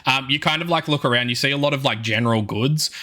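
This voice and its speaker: A man's voice: medium pitch, fast, pushed and bright. A man with an Australian accent narrating a tabletop game as game master, rambling with many fillers.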